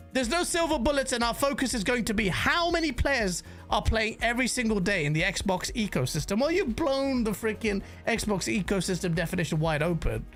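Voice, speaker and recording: A woman giving casual, rambling livestream commentary on gaming news, swearing freely and reacting to chat messages. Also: mid-range voice.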